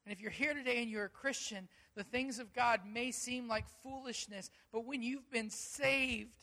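A man's voice: extremely high pitch, normal speed. A pastor preaching a sermon, telling a personal story with acted-out dialogue and making earnest appeals to his listeners. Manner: animated storytelling, acting out quoted dialogue.

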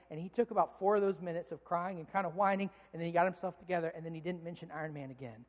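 A man's voice: on the high side, racing, hardly any pauses, muffled recording. A man in his thirties preaching a sermon to a congregation, earnest and direct, acting out stories with rising heat. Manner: earnest, builds to animated acted-out anger in stories. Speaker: pastor. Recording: long reverb of a large hall.

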